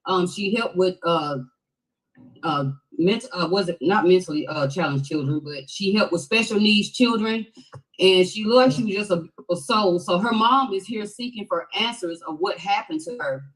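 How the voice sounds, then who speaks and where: A woman's voice: lowish voice, normal speed, poor audio. Woman hosting casually, full of fillers. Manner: casual, loose, many "um" fillers. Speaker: host. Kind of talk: hosting a live-stream interview.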